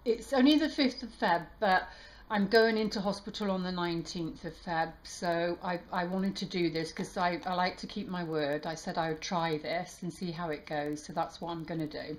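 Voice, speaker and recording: A woman tarot reader talking warmly to her viewers, halting and emotional, with many restarts. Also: on the low side, steady tone. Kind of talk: casual heartfelt channel talk.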